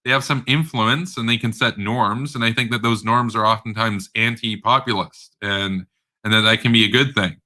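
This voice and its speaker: A man's voice: on the low side, steady tone, moderate pace, bright, forceful tone. A man giving a casual political rant, rambling and blunt, with many fillers, stammered restarts and sarcastic asides. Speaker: political commentator.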